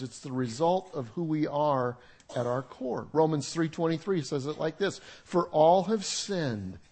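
Older preacher with a high voice. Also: male voice. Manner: conversational, humorous preaching with audience asides. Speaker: pastor. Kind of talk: sermon. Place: church sanctuary with congregation.

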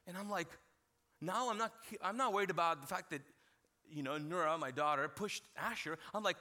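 A male pastor in his thirties giving a sermon, talking to the congregation like friends and joking as he tells stories. His voice sits high for a man and has a bright, forceful edge. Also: expressive, a little fast. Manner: conversational storytelling with humor, addressing the congregation.

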